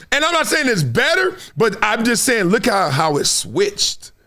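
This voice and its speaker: A middle-aged man hosting solo sports commentary, animated and fond of acting out quotes in other voices. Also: sits high, a little slow.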